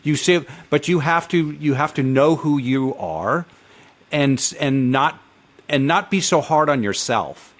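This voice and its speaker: A man co-hosting a casual interview, speaking earnestly with halting restarts. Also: on the high side. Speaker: podcast co-host. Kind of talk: casual chat.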